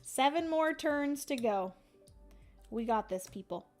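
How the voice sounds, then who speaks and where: A woman's voice: high-pitched, animated, slow, darkish tone, faint music behind. A young woman hosting a livestream, thinking aloud as she plays a board game and chatting casually with her viewers. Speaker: livestream host playing a solo board game.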